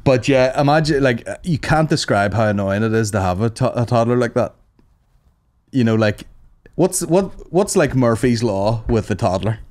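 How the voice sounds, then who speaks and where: A man's voice: mid-range voice, animated, moderate pace, darkish tone. A man, a podcast host joking crudely in casual chat.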